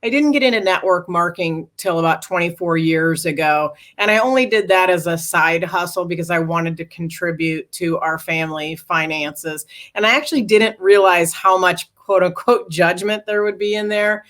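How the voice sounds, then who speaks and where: Woman, middle-aged, interview guest, earnest, animated storytelling. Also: on the low side, moderate pace, few pauses. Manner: earnest, animated retelling with acted quotes. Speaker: guest, author and speaker.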